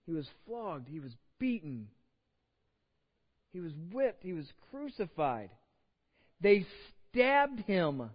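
In a church sanctuary, a man serving as pastor preaches a sermon in a conversational, self-deprecating way, acting out quotes as he speaks. His voice is high-pitched with big swings in pitch, and he talks slowly with long pauses. The recording sounds dull, with a long hall reverb.

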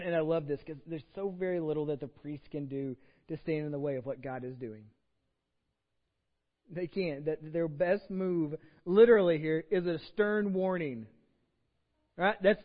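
A man's voice: high voice, normal speed. A man with a Texan accent preaching a casual, conversational sermon and reading scripture aloud. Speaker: pastor. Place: church sanctuary. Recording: dull sound with long hall reverb.

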